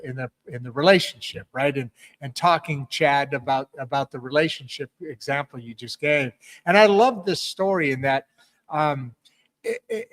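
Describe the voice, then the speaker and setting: A man hosting a podcast, chatting casually in an upbeat, rambling way with plenty of ums and restarts. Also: a little high. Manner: rambling, upbeat, lots of fillers. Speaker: podcast host. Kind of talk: casual chat.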